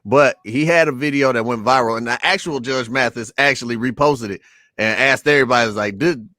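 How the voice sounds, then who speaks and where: Relaxed podcast host, dry close sound. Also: male voice, mid-range voice, fairly quick, no echo. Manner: relaxed, conversational, laughs easily. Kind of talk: casual podcast interview.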